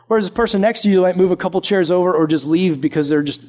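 Young male preacher, high voice, relaxed chatty delivery full of stories. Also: fast. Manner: casual, animated storytelling with acted-out quotes. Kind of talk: sermon with personal story.

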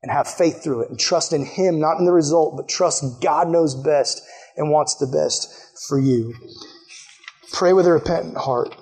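A man with a high, light voice delivers a relaxed youth sermon. He talks to the room directly in casual slang and acts out the people in his story with quick jumps in pitch. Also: husky. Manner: animated storytelling, acting out characters with sudden high-pitched quotes. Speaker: youth pastor.

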